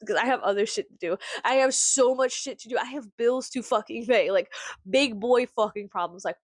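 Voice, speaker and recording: A woman's voice: medium pitch, no echo, studio quality. A woman in her thirties venting to camera in a casual vlog, sarcastic and full of profanity. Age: 30s. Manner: profane, sarcastic, animated ranting. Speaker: vlogger.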